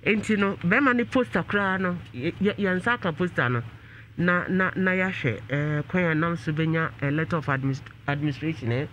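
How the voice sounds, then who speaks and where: A man's voice: on the high side, a little fast, sharp tone, lo-fi sound, slight background noise. A man hosting a radio talk show, asking short questions and announcing where listeners can watch. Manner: asks short questions, announces station plugs.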